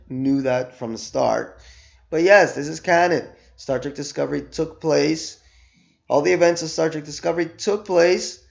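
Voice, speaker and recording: A man's voice: medium pitch, creaky, lo-fi sound. A man giving a casual, emphatic spoken review while losing his voice after being sick. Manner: animated, emphatic, repeats words for stress. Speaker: show reviewer.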